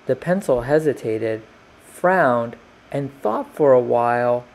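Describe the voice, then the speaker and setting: A man reads a children's picture book aloud at a slow, unhurried pace. His pitch sits in an ordinary middle range, and he brightens into character voices when the animals and objects speak. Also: animated, vocal fry. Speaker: storyteller.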